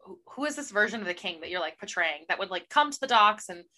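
A young woman with a bright, crisp voice at a middling pitch, chatting as a podcast co-host. She sounds exasperated and sarcastic, and often slips into mock dialogue. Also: expressive, fast. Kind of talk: casual chat about books.

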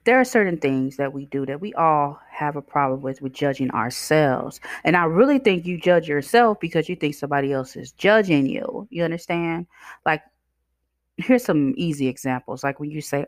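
A woman's voice: deep voice, animated, normal speed, dry recording, clean studio sound. A woman hosting a self-help podcast, talking conversationally and asking the listener questions. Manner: acts out voices in her stories. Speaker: podcast host. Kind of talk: motivational self-help talk.

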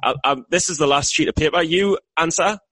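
A man's voice: on the high side, a little fast, fairly bright tone, no echo. A British man co-hosting a podcast in casual chat, rambling and self-deprecating with many restarts. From Britain. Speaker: podcast co-host.

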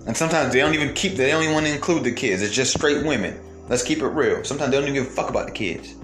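A man's voice: mid-range voice, racing, a bit bright. Man, fired-up rant, swearing, rhetorical questions, roomy echo, faint music underneath. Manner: heated, profane, full of rhetorical questions. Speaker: commentator. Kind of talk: ranting monologue to viewers.

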